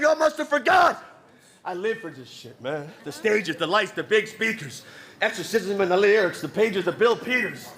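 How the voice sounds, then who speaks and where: A man with a Nova Scotian accent delivering aggressive, crude battle rap verses, shouting his punchlines at a live event. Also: very high-pitched. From Nova Scotia, Canada. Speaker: battle rapper. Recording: live crowd noise around.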